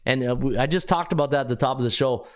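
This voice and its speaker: A middle-aged man hosting a sports betting podcast, talking casually in an animated, rambling way with frequent restarts. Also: medium pitch, quick pace, clean tone. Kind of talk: casual live-stream talk.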